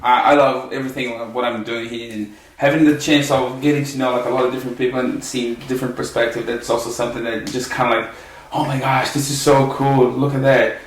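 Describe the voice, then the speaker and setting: A man's voice: medium pitch, fast talker, distant mic. A man telling stories in a casual podcast chat, acting out his own reactions. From Brazil. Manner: animated storytelling, acts out his own reactions. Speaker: podcast guest, soccer coach. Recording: echoey room.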